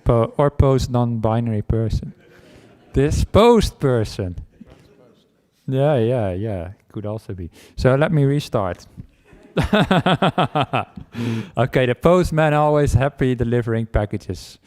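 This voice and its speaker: A man's voice: mid-range voice, lively intonation, measured pace, darkish tone. A man, a Buddhist monk, giving a humorous dharma talk, telling a made-up story in a playful, self-mocking way. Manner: playful, self-mocking, acts out barking and chases.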